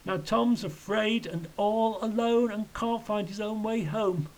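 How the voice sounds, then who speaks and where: For a storybook reading, a man voices a wretched, childlike male tramp who wails in sing-song rhymes. His voice is a little high and darkish in tone, and he keeps a measured pace. The recording is rough.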